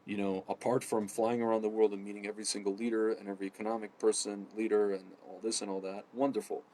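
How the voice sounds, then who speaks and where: A man ranting casually to camera, rambling with many fillers and restarts, often addressing his audience as ladies and gentlemen. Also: lowish voice, little pitch movement, fast. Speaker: political commentator. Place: home in Jerusalem.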